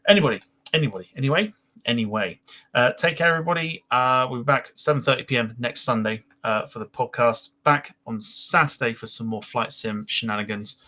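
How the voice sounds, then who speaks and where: A podcast host wraps up his show, rambling casually with lots of ums. His medium-pitched voice is bright and forceful, and he talks a little fast.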